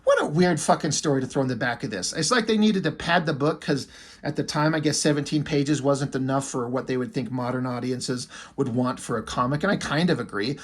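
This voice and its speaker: A man's voice: mid-range voice, brisk. A man in his forties giving a casual, enthusiastic and profane comic book review, retelling the plot with quoted lines. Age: 40s.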